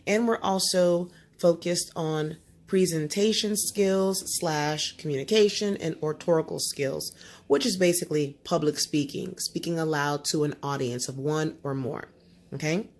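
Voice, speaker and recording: Her voice sits low and a little mellow as this woman coaches a single student through a homeschool lesson, frequently tossing in brief tag questions to make sure they follow.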